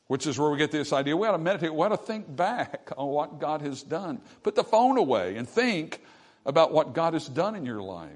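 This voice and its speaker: A man preaching a sermon, his voice swelling loud and dropping soft, with scripture read aloud in old-style wording. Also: a little high, big pitch swings, fairly quick. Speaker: pastor.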